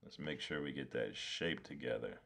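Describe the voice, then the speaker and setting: A man's voice: a bass voice, moderate pace, vocal fry, fairly bright tone. A man live-streaming his design work, talking to himself as he goes, swearing freely and laughing when things go wrong. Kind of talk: casual live-stream commentary.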